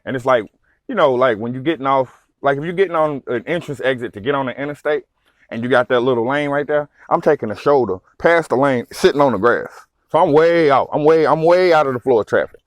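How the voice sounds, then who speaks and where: A man, a truck driver, telling a story in a casual vlog, animated, swearing freely and full of fillers. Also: mid-range voice, fairly quick, dry recording.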